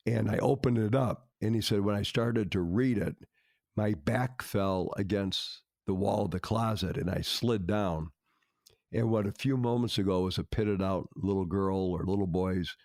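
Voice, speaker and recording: Older male podcast host, gravelly, dry close mic, earnest dramatic storyteller. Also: fairly low pitch, a little mellow, no echo. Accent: American. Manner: earnest, dramatic retelling with quoted dialogue. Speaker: marriage counselor, podcast host.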